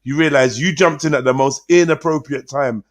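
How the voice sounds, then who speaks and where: A man hosting a casual livestream panel chat, slangy and animated, quick to laugh. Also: fairly high pitch. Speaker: livestream host.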